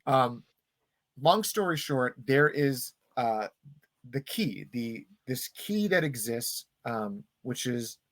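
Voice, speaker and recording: Man, podcast host, casual chat, eager plot recap, mid pitch. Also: lively intonation, a bit bright, dry recording. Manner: enthusiastic plot recap, acting out lines in quick voices.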